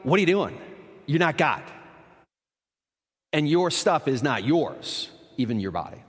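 A man preaching a sermon in a conversational way, asking rhetorical questions and dropping quiet for emphasis. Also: fairly high pitch, very animated, measured pace, husky. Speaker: pastor. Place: church. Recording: reverberant church hall.

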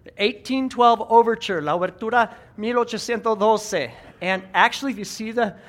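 A man preaching as pastor to a congregation, animated, getting the room to make sound effects and then repeating each point in a second language. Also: sits high, moderate pace. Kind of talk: bilingual sermon. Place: church sanctuary.

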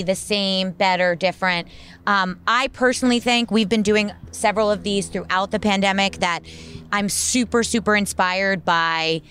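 A woman's voice: mid-range voice, a bit bright, smooth. A woman moderating a live panel outdoors, chatty and affirming. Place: outdoor deck.

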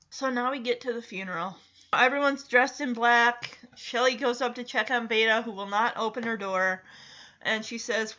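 Lady chatting thru a movie plot, acts out the lines, high voice, kinda muffled audio. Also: moderate pace. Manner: animated, acts out characters' lines. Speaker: film recap host. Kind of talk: casual movie recap.

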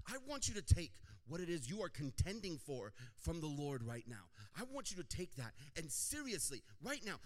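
A male pastor delivers a sermon in an animated, playful way, acting out everyday scenes for his congregation. His voice sits at a middle pitch but swings up and down freely as he jokes and presses his points. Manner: animated, joking, acts out little scenes.

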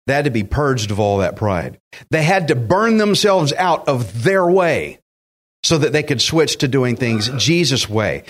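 A man's voice: medium pitch, expressive, a little slow. A man preaching a sermon, emphatic and direct, acting out quotes and speaking to listeners as friends. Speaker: pastor.

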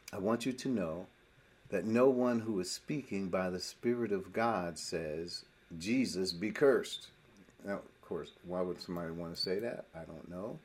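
A man leading a Bible study to listeners on a group call, emphatic, asking rhetorical questions and swinging between loud and quiet. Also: low-pitched, breathy edge. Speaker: Bible teacher.

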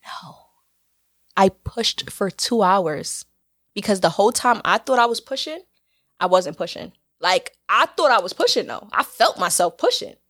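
A woman telling a story in a casual podcast chat, loud, profane and animated. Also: mid-range voice, a little slow. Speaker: guest telling her birth story.

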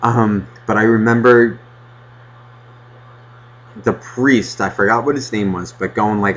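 A man casually telling a rambling childhood story on a podcast, swearing constantly and getting animated. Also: on the low side, unhurried, long pauses, slight background noise. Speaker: podcast host. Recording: dull lo-fi podcast audio.

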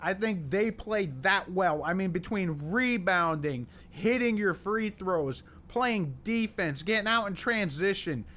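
A man's voice: high voice, expressive, unhurried, hardly any pauses, bright, forceful tone. A man co-hosting a sports podcast, bantering and teasing his partner with enthusiasm. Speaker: podcast co-host. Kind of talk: casual sports podcast chat.

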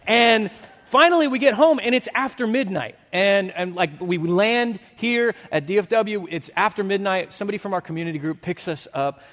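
A pastor in his thirties preaching a sermon. He tells a story with lively energy, then drops to a hushed, earnest tone. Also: high voice, normal speed. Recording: long hall reverb.

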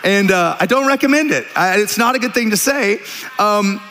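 A man preaching a sermon as pastor, telling stories with animated, jokey asides. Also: high-pitched, normal speed, a little hiss or hum. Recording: reverberant church hall.

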